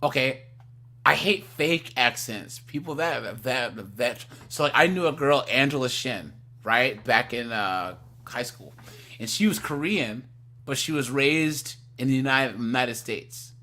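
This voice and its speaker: A man's voice: medium pitch, animated, unhurried, bright, forceful tone. A man hosting a casual live stream, giving blunt opinions with lots of stumbling restarts.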